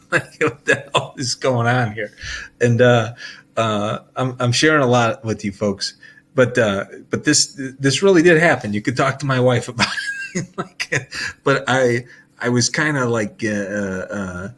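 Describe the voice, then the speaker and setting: A man's voice: medium pitch, animated, moderate pace, a bit bright. A man talking casually to his audience in a loose, rambling monologue, restarting sentences and laughing often.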